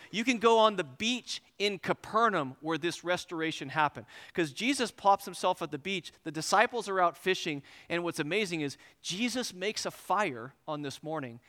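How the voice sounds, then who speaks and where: A man preaching a sermon, telling a lively personal story and acting out both sides of the conversation before turning to scripture. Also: sits high. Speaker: pastor.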